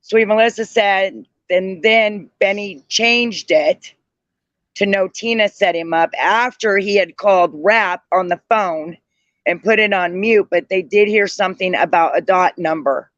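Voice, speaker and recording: A man's voice: sits high, unhurried, fairly bright tone, dry recording. A tired man on a livestream panel, rambling through a gossip story and often circling back to retell what others said. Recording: dull lo-fi dry audio.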